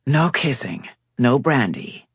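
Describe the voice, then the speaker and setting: Woman reading a teasing, raspy young gentleman. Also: extremely low pitch, very animated, slow, no room sound, exaggerated voice. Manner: easy, teasing.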